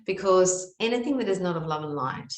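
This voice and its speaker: A woman from Australia, a spiritual teacher, telling a personal story in an earnest, animated way with many fillers. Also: on the low side, a little fast, reverberant, poor audio. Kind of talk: storytelling monologue.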